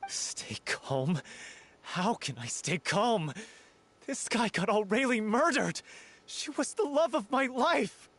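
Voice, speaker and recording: A furious grieving troupe actor. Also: male voice, sits high, sing-song, slow, fairly bright tone, slight background noise, full character voice. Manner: accusing, hot-tempered outbursts. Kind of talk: game cutscene voice acting.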